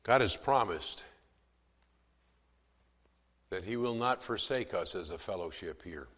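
A man's voice: lowish voice, animated, unhurried. Male pastor preaching in a reverberant church. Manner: swells from soft to loud for emphasis, with some stammered restarts. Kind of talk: sermon.

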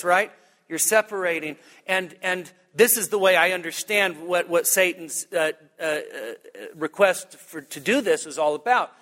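A man preaching a sermon as pastor, animated and humorous, pushing his voice up to high emphatic peaks. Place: church sanctuary. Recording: long reverb of a church hall.

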